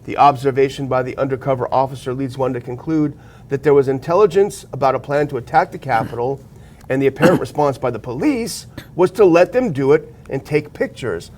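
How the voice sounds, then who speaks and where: A man's voice: mid-range voice, brisk, a little mellow. A man co-hosting a political talk show, reading news articles aloud and adding blunt remarks of his own. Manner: reads article quotes and adds blunt remarks. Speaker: show co-host.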